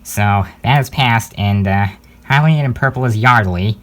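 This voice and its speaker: A young man hosting a home-made channel news update, talking casually with many fillers and hesitant pauses. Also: lowish voice, fairly bright tone.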